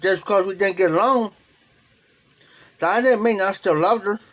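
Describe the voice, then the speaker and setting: A man's voice: high-pitched, moderate pace, a bit bright. A man from Ohio talking casually on a livestream in a rambling, emotional way, often repeating himself. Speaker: live streamer.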